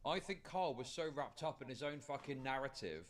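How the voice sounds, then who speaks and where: A man's voice: mid-range voice, animated, normal speed, over a noisy crowd. A man in opinion commentary, blunt and emphatic, swearing as he argues.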